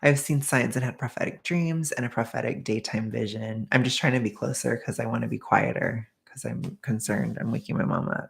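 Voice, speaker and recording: Brief: rambling woman streamer, gravelly fry in her voice, chatty with whispered ASMR bits. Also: very deep voice, steady tone, fairly quick, few pauses. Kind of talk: casual chat with ASMR whispering.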